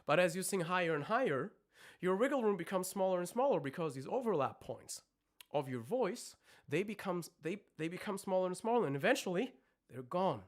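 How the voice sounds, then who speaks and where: A man with a somewhat high speaking voice teaches vocal technique on a live stream. He explains in careful technical terms and now and then cuts in with belted or screamed demonstration notes. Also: lively intonation, brisk. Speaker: vocal coach.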